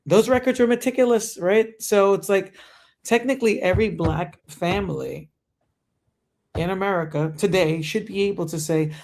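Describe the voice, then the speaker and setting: Gravelly man telling a story, animated. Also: sits high, moderate pace. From Colombia. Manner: storytelling, animated, frequent "you know". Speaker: podcast co-host. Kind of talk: casual chat.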